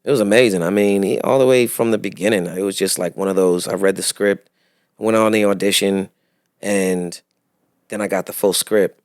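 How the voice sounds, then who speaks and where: A man, an actor guest telling animated stories in a casual interview chat. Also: low voice, normal speed, clean tone, no room sound, clean studio sound. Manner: animated storyteller, acts out other voices with laughter.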